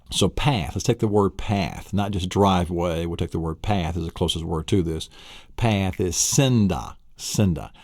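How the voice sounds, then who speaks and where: A man's voice: fairly low pitch, a little mellow, dry recording, studio quality. A middle-aged man teaching an audio memory lesson, enthusiastic and laughing often. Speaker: memory course instructor.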